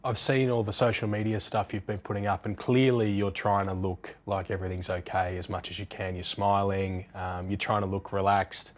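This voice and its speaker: A man with an Australian accent hosts a sports interview in a low, even voice. He asks his questions in a measured, gentle way, keeping his pitch flat and steady. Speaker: sports TV host.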